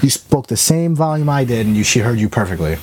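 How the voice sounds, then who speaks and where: A man's voice: medium pitch, lively intonation, quick pace, a little mellow. A young man co-hosting a podcast, telling stories in a rambling, profane casual chat full of fillers. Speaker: podcast co-host.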